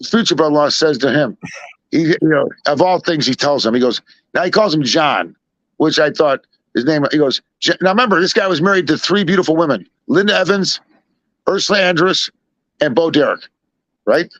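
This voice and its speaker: A man from Chicago spins a meandering story in a fairly high voice, full of asides. The recording is dull and lo-fi, with a dry, close sound. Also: a little fast, no room sound. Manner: rambling, animated retelling with many asides. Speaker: storyteller guest. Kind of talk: casual anecdote telling.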